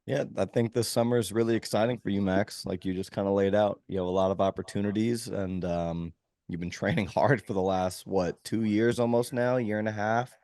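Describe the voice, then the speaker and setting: A man co-hosting a podcast in casual chat, relaxed and encouraging. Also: on the low side, fairly quick, no room sound. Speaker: podcast co-host.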